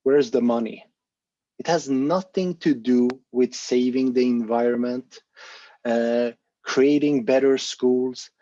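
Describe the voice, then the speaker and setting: A man's voice: mid-range voice, steady tone, slow pace, dark tone, dry recording. Earnest man on a muffled call. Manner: earnest, encouraging, thinks aloud with fillers. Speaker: volunteer presenter of an online discussion. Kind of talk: casual explanatory talk on a video call.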